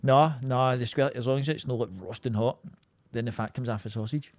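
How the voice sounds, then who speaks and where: A man's voice: medium pitch, brisk, dry recording. A man with a Glaswegian accent, co-hosting a podcast in sweary, jokey casual banter. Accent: Scottish, Glaswegian. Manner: sweary, jokey, animated storytelling. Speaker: podcast co-host.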